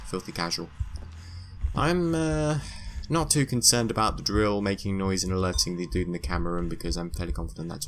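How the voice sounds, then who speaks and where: Male, lower-pitched let's-play commentator, chatty and self-talking, prone to excited shrieks. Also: a little hiss or hum. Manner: chatty, muttering to himself, excitable with squealing highs. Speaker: gameplay commentator.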